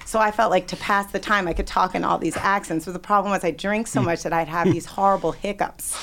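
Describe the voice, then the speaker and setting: A woman's voice: fairly low pitch, steady tone, fairly quick, gravelly, a bit bright, a little hiss or hum. A woman chatting casually, telling a funny story and quoting people in different voices. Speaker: guest storyteller.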